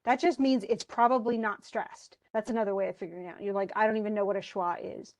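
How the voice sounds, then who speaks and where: A woman's voice: mid-range voice, steady tone, fast talker, a little mellow. A woman instructor giving an online class lecture over a computer mic, talking conversationally with many restarts and check-ins with the students. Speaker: college English instructor.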